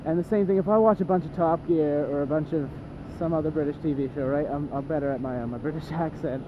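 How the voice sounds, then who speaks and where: A young man chats to his camera as he drives, rambling and laughing at himself. His voice sits a little high. The audio is dull and lo-fi, with car noise clearly under it. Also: quick pace. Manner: rambling, self-deprecating, with many restarts. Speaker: vlogger. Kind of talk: casual driving vlog. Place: inside a moving car. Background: car and road noise.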